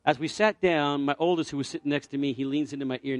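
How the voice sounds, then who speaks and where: Speaking fast with few pauses, a middle-aged male pastor in a church sanctuary shares a personal story before building into fervent exhortation and an altar call. His voice sits fairly high. Close, dry miking leaves no room sound, while soft music plays beneath.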